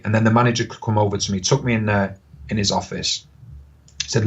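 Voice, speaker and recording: Husky-voiced man telling stories. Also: lowish voice. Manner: animated anecdotes, quick bursts, laughs often. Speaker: podcast guest, football pundit. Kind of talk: casual storytelling chat. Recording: slightly dull lo-fi podcast audio.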